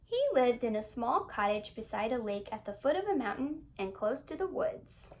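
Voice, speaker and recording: A woman reads a children's story aloud in a high, singsong voice that swoops with expression, leaning into the repetitions and relishing every word. She sounds animated and keeps a normal speed, with slight background noise.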